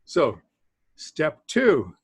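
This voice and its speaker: A man teaching a beginners' language class, talking haltingly with many fillers and small laughs. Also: a little high, huge pitch swings, breathy edge, no room sound. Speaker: Greek teacher. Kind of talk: classroom lesson.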